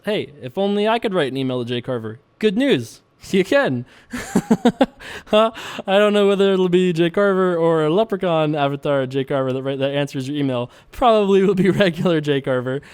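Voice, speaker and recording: A playful young man talks through his poker hands in a relaxed, chatty way. He laughs a lot between thoughts. His voice sits a bit high and sounds smooth and clean. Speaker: poker video host. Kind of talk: casual poker commentary.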